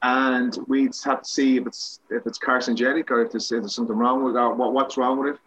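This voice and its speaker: Husky Irish man telling rambling stories. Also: mid-range voice, level tone, fast talker, fairly bright tone, muffled recording. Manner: rambling, self-mocking anecdotes with many restarts. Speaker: guest, actor. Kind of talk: casual storytelling interview.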